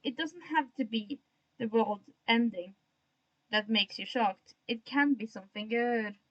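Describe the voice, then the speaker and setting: A woman's voice: a little high, unhurried, highs cut off. A young woman streaming while she draws, chatting to herself in a self-mocking way and remarking on her own odd tone of voice. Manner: admits to an odd put-on tone today. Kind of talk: casual livestream chat while drawing.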